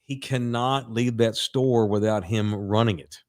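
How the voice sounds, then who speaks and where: A man's voice: fairly low pitch, fairly even intonation, a little slow, darkish tone. A man in his forties, a podcast co-host, telling a long crude anecdote in a casual, rambling way with plenty of profanity. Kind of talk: casual sports podcast storytelling.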